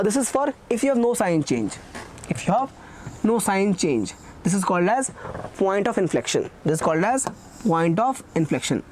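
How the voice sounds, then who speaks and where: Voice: mid-range voice, a little mellow, a little hiss or hum. A teacher giving a recorded math lecture, repeating key phrases and asking questions that they answer themselves. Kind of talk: recorded exam-prep lecture.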